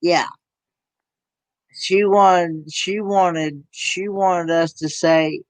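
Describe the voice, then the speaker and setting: Southern host, unhurried drawl, halting friendly chatter, dry mic. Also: male voice, fairly high pitch, no echo. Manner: halting, restarts often. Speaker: YouTube channel host. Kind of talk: casual chat.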